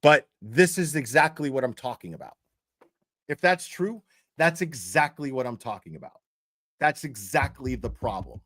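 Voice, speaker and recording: A man's voice: medium pitch, lively intonation, moderate pace, a bit bright. A man telling a story on a livestream in a blunt, profane way, with many fillers and restarts. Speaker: true crime commentary streamer. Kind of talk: casual livestream commentary.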